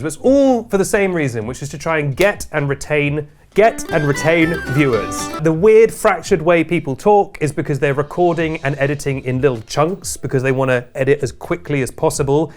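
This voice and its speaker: A man's voice: fairly high pitch, animated, brisk, hardly any pauses, soft background music. A man with an English accent hosting a comedic video essay, wry and jokey. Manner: wry, jokey, slips into impressions. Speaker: host.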